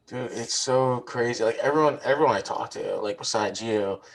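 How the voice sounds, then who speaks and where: A man's voice: mid-range voice, normal speed, creaky, a little hiss or hum. A man co-hosting a podcast, arguing his wrestling opinions in a casual chat and repeating his points insistently. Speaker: podcast co-host.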